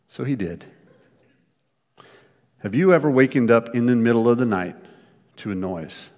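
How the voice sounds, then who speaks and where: A man preaching a sermon as pastor, telling stories in an animated way with frequent repeated words. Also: mid-range voice, normal speed, long pauses. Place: church. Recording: long reverb of a church hall.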